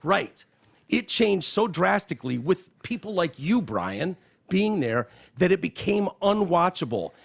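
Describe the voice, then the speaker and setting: A male podcast host with a gravelly, rough edge to his voice. He talks fast and animated, with his pitch leaping up and down and a lot of casual swearing. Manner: animated, profane, reads quotes aloud. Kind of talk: casual political chat. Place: podcast studio.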